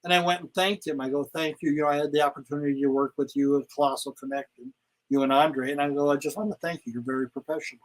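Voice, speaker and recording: Animated older man telling road stories. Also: on the high side, fast, low-quality recording. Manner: animated storyteller, acts out quotes. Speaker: guest, retired pro wrestler. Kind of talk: casual interview storytelling.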